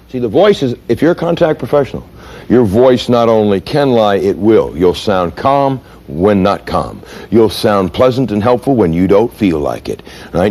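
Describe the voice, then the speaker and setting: A man's voice: mid-range voice, a little mellow. A man giving a training lecture in an emphatic way, often putting questions to his audience.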